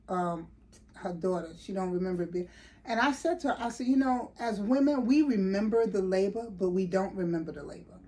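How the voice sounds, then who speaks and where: A middle-aged woman, casually telling a story in a vlog and acting out the voices of people she quotes. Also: mid-range voice. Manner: animated, lively retelling with quoted voices and laughs. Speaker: vlogger.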